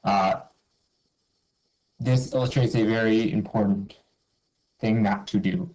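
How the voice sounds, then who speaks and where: A man's voice: fairly low pitch, fairly even intonation, takes it slowly, darkish tone, rough recording. Upbeat man teaching a math review. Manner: upbeat, explains step by step, asks and answers his own questions; informal, says okay and cool a lot. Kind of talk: recorded review lesson.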